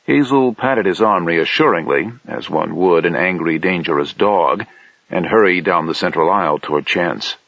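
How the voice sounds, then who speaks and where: Low-voiced male audiobook narrator. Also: gravelly, no echo. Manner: steady, measured reading. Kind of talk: scripted narration. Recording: dull lo-fi dry audiobook recording.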